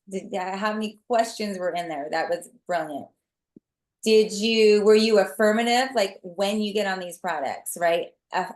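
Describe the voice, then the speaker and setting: A woman's voice: medium pitch, echoey room. A woman leading a team training call, enthusiastically breaking down a sales story step by step. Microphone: video call.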